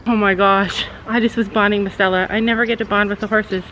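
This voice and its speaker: A woman's voice: medium pitch, flat delivery, quick pace, fairly bright tone, slight background noise, low-quality recording. A woman vlogging as a mother at a horse barn, talking in a chatty, encouraging, rambling way. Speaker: vlogger mom. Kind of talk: casual family vlog at a horse barn.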